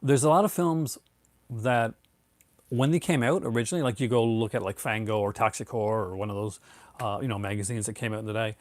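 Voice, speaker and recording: A man's voice: on the low side, fairly quick, a little mellow, no room sound. A man in his thirties hosting a casual live stream, rambling with many fillers and restarts and calling people "man". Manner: laid-back, says "man" a lot. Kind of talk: casual live-stream chat, answering viewers.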